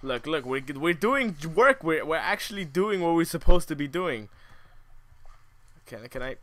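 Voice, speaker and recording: Bright-voiced young gamer, swearing and shrieking. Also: male voice, a little high, big pitch swings, unhurried. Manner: swings from mutters to shrieks, swearing and ranting. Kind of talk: game commentary.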